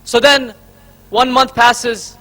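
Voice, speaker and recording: On a convention hall stage, a man from Karnataka, India speaks in a very high voice, slow and steady, with a bright, forceful tone. He tells a story, then counts off numbered points rhetorically to an audience he addresses as friends.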